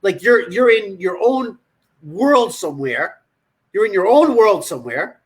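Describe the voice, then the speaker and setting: A man's voice: high-pitched, expressive, a little slow, slightly rough. A man hosting a livestream, coaching in a blunt, profane, scolding manner. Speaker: nutrition coach.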